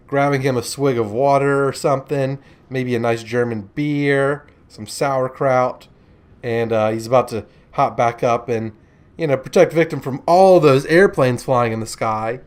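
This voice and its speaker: A man's voice: medium pitch, moderate pace. Man joking through game commentary. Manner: chatty, joking, rambling asides. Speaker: gameplay commentator.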